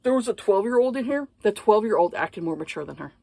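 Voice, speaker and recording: A woman's voice: mid-range voice, expressive, fast, vocal fry, darkish tone, no echo. A woman giving a casual book review, blunt and profane, exasperated, with lots of hesitant fillers.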